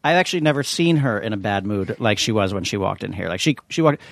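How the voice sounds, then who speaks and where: A man's voice: fairly low pitch, animated, quick pace, gravelly, a little hiss or hum. A man co-hosting a podcast, teasing and playful in a casual studio chat. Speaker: podcast co-host.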